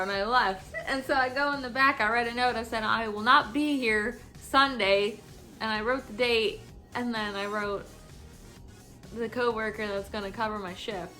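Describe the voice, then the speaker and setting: A woman's voice: fairly high pitch, bright, forceful tone. A tipsy young woman telling a work story to camera, laughing often and swearing as she acts out the people involved. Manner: laughing often, swearing, acting out coworkers' lines. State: tipsy from drinking. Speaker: vlogger.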